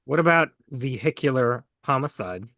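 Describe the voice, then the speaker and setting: A man from North Jersey, co-hosting a podcast and chiming in with calm, matter-of-fact remarks. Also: mid-range voice, moderate pace, no echo, studio quality. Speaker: podcast co-host. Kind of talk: casual podcast banter.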